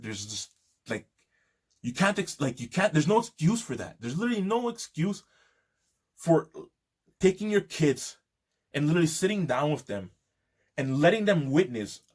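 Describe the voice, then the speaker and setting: A man's voice: a little high, husky. A man delivering an indignant, profane monologue to his audience. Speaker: video host. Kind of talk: angry monologue.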